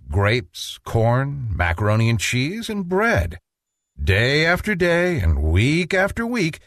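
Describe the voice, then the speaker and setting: A man reading a children's storybook aloud in an expressive, playful manner. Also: mid-range voice, no room sound, studio quality. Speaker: narrator.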